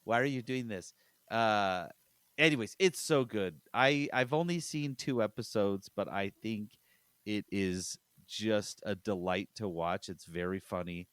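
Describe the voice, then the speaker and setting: A man's voice: lowish voice, measured pace, a bit bright, clean tone, no echo, clean studio sound. A man hosting a podcast in casual chat, chatty and laughing as he retells scenes. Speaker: podcast host.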